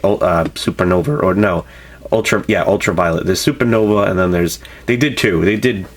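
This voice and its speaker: A man with a very low voice talks through a drink review in a loose, rambling way. He keeps correcting himself and filling gaps with "um" and "you know". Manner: rambling, relaxed, lots of fillers and self-corrections. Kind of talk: casual product review vlog.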